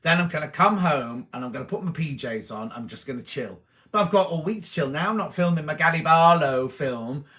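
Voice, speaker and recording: A man's voice: fairly high pitch, expressive, a little fast, pushed and bright. A middle-aged man hosting a live stream, chatting cheerily and answering viewers' comments as he reads them out. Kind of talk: casual live chat.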